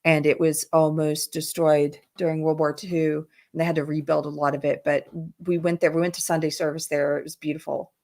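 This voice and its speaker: A chatty woman hosts a live stream, rambling through stories and answering comments from her chat. Her voice sits low for a woman, and she laughs easily as she talks. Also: little pitch movement, fairly quick, few pauses, a little mellow. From South Carolina, USA. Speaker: livestream host. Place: indoors while traveling. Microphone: headphones in, computer mic.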